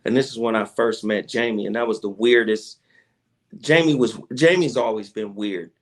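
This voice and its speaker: A man from Tennessee, a radio personality, telling a story in a casual interview, animated, slangy and profane, acting out what people said. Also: lowish voice, moderate pace. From Chattanooga, Tennessee, USA. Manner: animated storyteller who acts out quoted dialogue, with slangy profanity. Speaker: radio personality and podcast guest.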